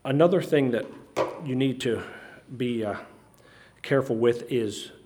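A man preaching a sermon, earnest and halting, often restarting his sentences. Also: mid-range voice, noisy background.

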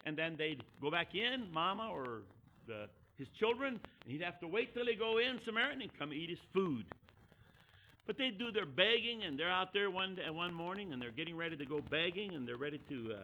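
A man preaching a sermon as a story, animated, acting out the characters and swinging from hollering to hushed. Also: fairly high pitch, slight background noise, poor audio.

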